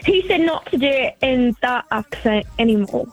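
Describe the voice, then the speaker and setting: High-voiced woman chatting, music faint. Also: expressive, normal speed, rough recording. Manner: laughing, self-deprecating. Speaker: guest voiceover actress. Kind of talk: casual podcast banter.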